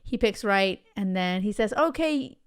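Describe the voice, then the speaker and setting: A woman's voice: mid-range voice, a little slow, clean tone. A woman hosting a podcast, telling personal stories in a chatty way and checking in with listeners. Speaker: podcast host. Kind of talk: casual storytelling monologue.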